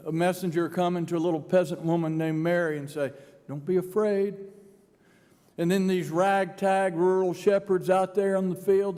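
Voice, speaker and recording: Man preaching, dramatic sermon delivery, mellow voice, long church reverb. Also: high-pitched. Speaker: pastor. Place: large church sanctuary.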